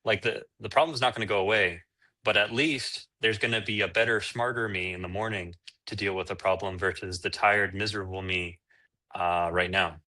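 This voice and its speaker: Bright and forceful, this man's lowish voice holds a steady tone at a normal speed. He's an entrepreneur guest being interviewed, speaking candidly and loosely, with filler words and restarted sentences.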